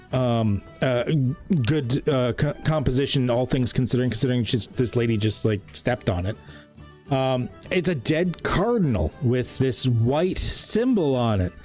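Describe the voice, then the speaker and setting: A man's voice: medium pitch, darkish tone. Rambling game master man from Canada. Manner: rambling, with many fillers and restarts. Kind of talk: narrating a tabletop game.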